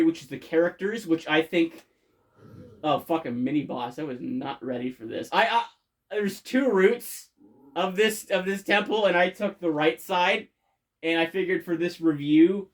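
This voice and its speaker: A game reviewer talking casually and enthusiastically, swearing constantly and rambling with many fillers and restarts. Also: mid-range voice.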